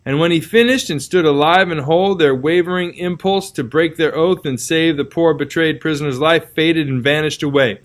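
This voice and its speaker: A man reading a classic novel aloud as narrator, in a measured, dramatic storytelling manner. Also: fairly high pitch.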